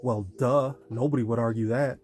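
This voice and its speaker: A man's voice: medium pitch, steady tone, normal speed, a little mellow, faint music behind, natural voice. A male audiobook reader voicing a joking teenage boy who talks in casual slang.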